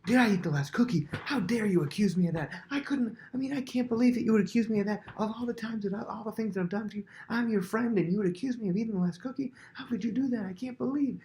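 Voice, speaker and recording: A man voicing an indignant friend who protests loudly and rapidly at being accused of eating the last cookie. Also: a little hiss or hum. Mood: outraged. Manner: outraged, rapid, high-pitched protesting.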